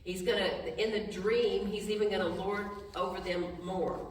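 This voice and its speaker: A woman's voice: medium pitch, steady tone. A woman leading a Bible study, reading scripture aloud and stopping to explain it in plain, chatty words. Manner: plain talk with restarts, brief laughs, soft and slow in prayer. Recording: echoey hall, voice from far off.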